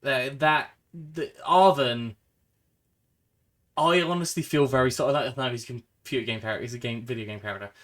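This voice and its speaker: A man's voice: medium pitch, fairly bright tone. A man giving casual, heartfelt gameplay commentary as a channel host, rambling and trailing off into fillers. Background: game music.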